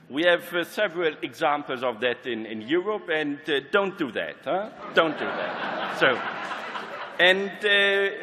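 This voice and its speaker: A man with a German accent gives an emphatic convention speech, his pitch swinging widely and sitting a little high. Long hall reverb trails his words. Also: a bit bright. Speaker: convention speaker. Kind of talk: short speech.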